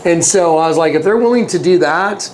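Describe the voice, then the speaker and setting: A man's voice: a little high, a little fast, darkish tone, a little hiss or hum. A man telling a personal story as an interview guest, earnest, often repeating himself and acting out quoted dialogue. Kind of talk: casual storytelling.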